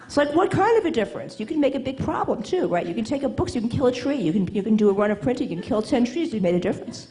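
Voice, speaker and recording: Emphatic woman writing coach, mellow voice. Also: on the high side, very animated, poor audio. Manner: emphatic, teasing, quick asides asking "okay?". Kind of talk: motivational talk to a live audience. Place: event hall with an audience.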